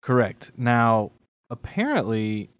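A man's voice: medium pitch, very animated, takes it slowly, clear, resonant tone, no echo, clean studio sound. A man co-hosting a casual faith podcast, talking earnestly and thoughtfully, often checking in with "right?". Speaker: podcast co-host.

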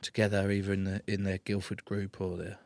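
A man's voice: low-pitched, monotone, fairly quick, creaky, a little mellow, dry recording. A man in his thirties with a southern English accent, a guest in a studio interview, bantering cheekily with mock indignation and swearing freely. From England. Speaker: interview guest, rugby player.

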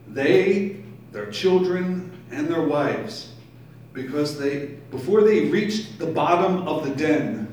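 Here a man's mid-range, darkish voice carries through a very echoey brewery taproom, picked up by a far-off mic with a faint hiss or hum. He's a pastor giving a sermon, alternating between reading scripture and pausing to explain it.

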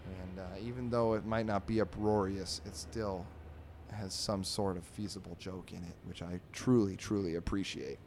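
A man with a fairly low voice hosts a comedic read-through of the comic strips. He rambles wryly, restarting sentences and filling gaps with ums. A faint hiss runs under the recording. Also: steady tone, moderate pace, darkish tone. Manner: rambling, wry, full of fillers and restarts. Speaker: host.

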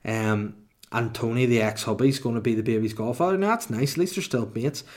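A man's voice: medium pitch, fairly quick, darkish tone. A man in his thirties hosting a comedy podcast alone, rambling through irreverent, sweary asides. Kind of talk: comedic solo podcast monologue.

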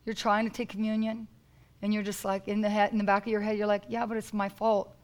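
A woman's voice: medium pitch, little pitch movement, fast talker, poor audio. A woman preaching a sermon in church, emphatic and repetitive, calling out to the congregation.

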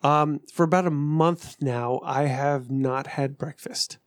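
A man's voice: on the high side, steady tone, slow, no echo. A man co-hosting a podcast, chatting casually, swearing freely and laughing often. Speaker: podcast co-host. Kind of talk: casual chat.

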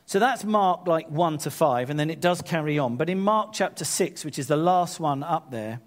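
A man preaching a sermon, retelling scripture in a lively paraphrase with casual asides. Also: fairly high pitch, normal speed. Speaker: pastor.

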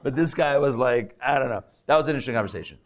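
A rabbi teaching a live class before an audience, chatty with joking asides and many fillers and restarts. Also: male voice, medium pitch, expressive, racing.

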